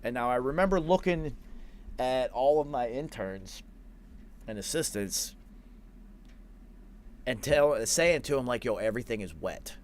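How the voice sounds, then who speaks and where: Speaking slowly with long pauses, a medium-pitched man in his forties hosts a podcast and spins a rambling, profane anecdote. He keeps quoting himself and others as the loose storytelling wanders along.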